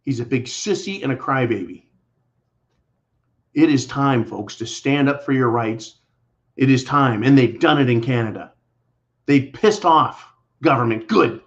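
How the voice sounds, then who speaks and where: A man hosting a political commentary show delivers an angry monologue to viewers, blunt, combative, and sarcastic. His voice is medium in pitch and a little slow, and the audio is dull and lo-fi.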